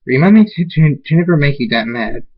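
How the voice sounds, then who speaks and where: A man's voice: on the high side, lively intonation, fairly quick, breathy edge, lo-fi sound, voice pushed up. A man reading a flustered young male pony.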